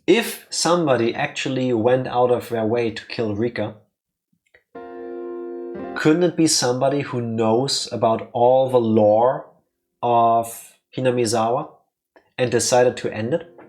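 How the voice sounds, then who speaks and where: A man's voice: mid-range voice, a little slow, a little mellow, faint music behind. A man co-hosting a let's play in casual, playful chat, teasing his partner.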